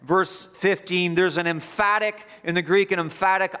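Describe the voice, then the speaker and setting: A man's voice: sits high, steady tone, moderate pace, hardly any pauses, pushed and bright, smooth. A man preaching an expository sermon as pastor, emphatic and repeating phrases for stress.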